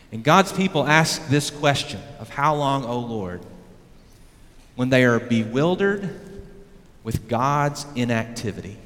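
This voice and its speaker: A man delivers a sermon in a medium-pitched voice, pressing his points hard and then pulling back to low, quiet lines. The recording carries the long reverb of a church hall. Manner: emphatic preaching, rising to loud peaks and dropping low. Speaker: pastor. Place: church sanctuary.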